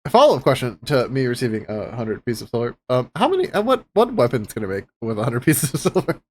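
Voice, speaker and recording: Male player, casual and animated, pitch moving widely, swears freely. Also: quick pace, slight background noise. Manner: lively, swearing, laughing easily. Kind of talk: casual chat in a tabletop game.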